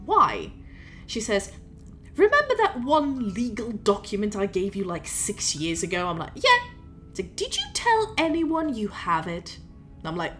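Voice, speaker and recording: A woman's voice: fairly high pitch, a bit bright. A woman streaming a game, ranting casually and rambling in an exasperated way, with swearing throughout. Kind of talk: casual gaming stream chat. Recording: game music in background.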